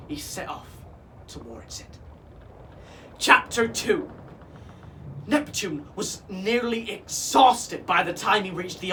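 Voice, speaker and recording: A man performing as a pirate king, reading a storybook aloud to children in a slow, expressive way. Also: high-pitched. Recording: voice from some distance off with faint hiss.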